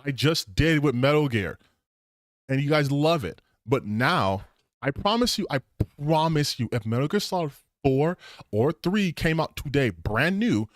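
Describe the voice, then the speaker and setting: A man in his thirties hosts a casual gaming stream, reacting sarcastically, laughing and swearing. His voice sits a bit high and swings widely in pitch, recorded close and dry. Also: animated, a little slow, no room sound. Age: 30s.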